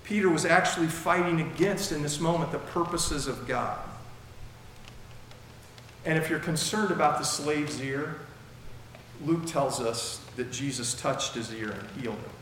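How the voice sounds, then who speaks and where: A man's voice: a little high, expressive, normal speed, a bit bright. A male pastor preaching a sermon verse by verse, chatty and fond of rhetorical questions, in a large church hall. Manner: conversational, asks rhetorical questions. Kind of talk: expository sermon. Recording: very echoey hall, faint noise.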